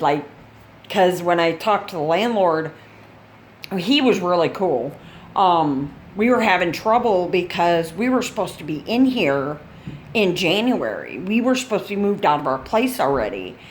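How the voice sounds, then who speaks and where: A woman's voice: on the low side, animated, a little slow, a little hiss or hum. An older woman chatting casually in a video update, rambling and blunt and laughing at her own stories. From Chicago. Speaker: gaming channel host.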